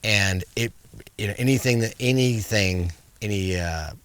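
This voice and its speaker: Deep-voiced man telling animal stories. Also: normal speed, clean tone. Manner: animated storyteller, acts out commands to his bear. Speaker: guest, wildlife filmmaker. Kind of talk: casual interview chat.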